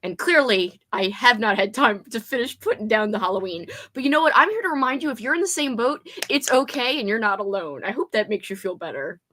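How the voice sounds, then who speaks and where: A woman's voice: on the high side, lively intonation, a little fast, hardly any pauses, pushed and bright. A woman hosting a casual reading livestream, bubbly, greeting viewers by name and laughing often. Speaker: booktube livestream host. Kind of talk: casual live chat with viewers.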